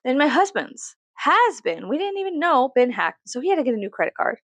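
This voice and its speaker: A woman's voice: sits high, sing-song, fairly quick, no room sound. A woman, venting profanely and animatedly in a story-time vlog. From Texas, USA. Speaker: vlogger.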